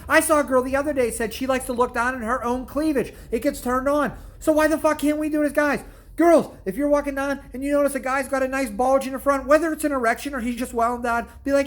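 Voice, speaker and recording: A man's voice: very high-pitched, fairly even intonation, fast. A man hosting his own channel, telling stories in a blunt, crude comedic rant and swearing constantly. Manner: storytelling with repeated "I'm like" asides. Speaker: channel host. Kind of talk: profane comedic rant to camera.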